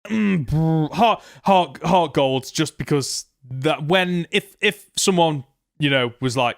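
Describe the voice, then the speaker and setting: A man's voice: fairly high pitch, big pitch swings, slow pace, creaky, dry recording, clean studio sound. Laughing man chatting on a podcast. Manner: laughs often, tells stories animatedly. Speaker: podcast co-host. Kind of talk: casual chat.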